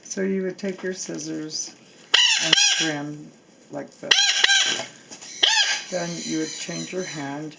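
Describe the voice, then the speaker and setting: A woman walks through trimming her bird's wings at a slow, unhurried pace, pausing and restarting often. Her voice sits a little low and has a gravelly rasp. A loud background noise runs under the whole home recording. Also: steady tone. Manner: slow, halting, with many restarts and fillers; coos softly to her bird. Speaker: bird owner demonstrating grooming. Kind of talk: home how-to demonstration.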